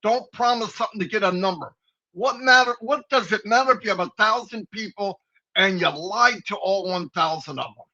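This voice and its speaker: A man's voice: high voice, a little fast, pushed and bright. A man co-hosting a live company stream, giving rambling, folksy, preachy advice in a casual pep talk. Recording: dull lo-fi stream audio.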